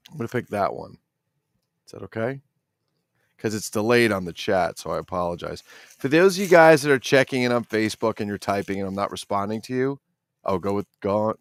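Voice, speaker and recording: A man's voice: fairly low pitch, dry recording, studio quality. A middle-aged man hosting a casual toy-collector livestream, rambling and swearing while he reads the chat.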